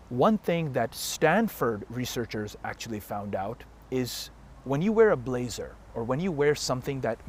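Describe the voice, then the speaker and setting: Guy coaching fitness to camera, blunt and punchy, cusses a lot, average pitch. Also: a little hiss or hum. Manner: emphatic, blunt and profane. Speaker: fitness and self-help coach. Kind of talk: direct-to-camera motivational talk.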